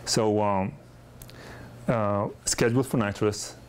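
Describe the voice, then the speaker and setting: Slow and steady, with a clean tone pitched on the low side, this middle-aged man is a pediatric dentist giving a course lecture. He talks conversationally and weaves in personal stories, often restarting and repeating words.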